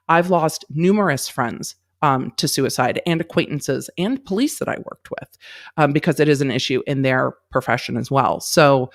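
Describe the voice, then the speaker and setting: A woman in her forties hosts a casual livestream chat. Her delivery is blunt and emphatic, with frequent swearing. She pauses now and then to catch up on viewer comments and thank supporters. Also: on the low side. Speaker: legal commentary livestream host.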